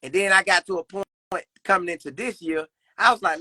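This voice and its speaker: Brisk and bright, this young man's high voice carries a forceful tone on a dry recording. He's a podcast guest in a casual conversation about faith, speaking earnestly and repeating phrases as a preacher might.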